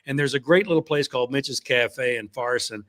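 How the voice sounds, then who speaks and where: A man talks in a loose, rambling way, tossing in fillers and "like that" as he tells stories. His voice sits at an ordinary middle pitch. He then shifts into reading passages from his own novel aloud. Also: moderate pace, fairly bright tone. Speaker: guest author.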